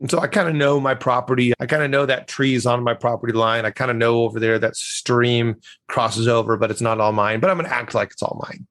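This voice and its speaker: A man's voice: fast, few pauses. A man who is a communication coach, answering interview questions on a podcast and telling stories with acted-out dialogue. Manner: storytelling, acts out quoted dialogue with lively jumps in pitch.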